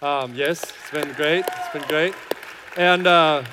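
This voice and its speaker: A man's voice: a little high, slow, a crowd in the background, noisy background. A man, a lead pastor, talking to his congregation in a chatty, joking way with lots of fillers. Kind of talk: casual sermon intro and worship lead. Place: large church hall. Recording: reverberant church hall.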